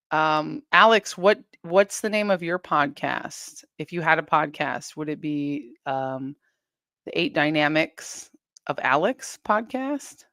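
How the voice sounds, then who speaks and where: A woman with a lowish, gravelly voice hosts a casual live stream, reading viewer comments aloud and chatting back. She rambles and giggles as she goes. The sound is dry and close, with no room echo. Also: fairly bright tone.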